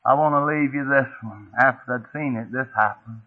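A man's voice: medium pitch, moderate pace. A middle-aged man, preaching a sermon as a folksy, homespun story, often asking the congregation questions. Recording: tinny phone-like old tape.

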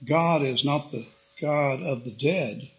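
A man's voice: mid-range voice, takes it slowly, noisy background. A man giving a folksy, conversational Bible teaching, reading scripture aloud. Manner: folksy, reads scripture aloud in King James wording.

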